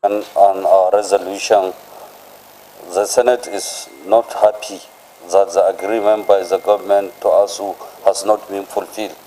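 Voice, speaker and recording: A man, a senator, giving deliberate remarks to the press. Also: low-pitched, fairly even intonation, dark tone, slight background noise, low-quality recording. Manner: slow, deliberate speech.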